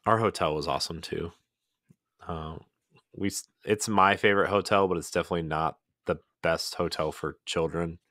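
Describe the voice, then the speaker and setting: A man's voice: deep voice, steady tone, normal speed, a bit bright, dry recording, clean studio sound. A man co-hosting a podcast in casual chat, rambling with lots of "like"s and restarts. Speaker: podcast co-host.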